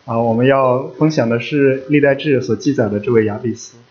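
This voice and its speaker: A man's voice: medium pitch, fairly quick, a little mellow, dull audio. A man interpreting a sermon line by line, opening each line with a short filler sound before speaking plainly.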